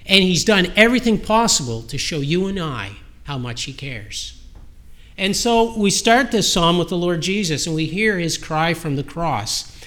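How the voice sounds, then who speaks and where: A high-pitched man preaching a sermon to a congregation. His voice is bright and ringing. He speaks with earnest emphasis, slowing down on key phrases and often restarting them. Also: sing-song.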